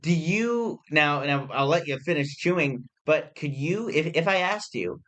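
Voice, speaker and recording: A man's voice: on the high side, expressive, normal speed, a bit bright. A young man hosting a casual podcast, asking questions eagerly and tripping over his words. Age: young adult. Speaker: podcast host, student.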